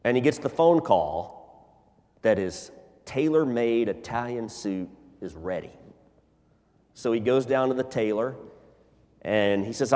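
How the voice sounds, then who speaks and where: A man's voice: medium pitch, unhurried, long pauses. Pastor guy preaching, voice swings up and down a lot, long echo in the church. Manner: animated storyteller, acts out scenes. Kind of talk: sermon. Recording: long hall reverb.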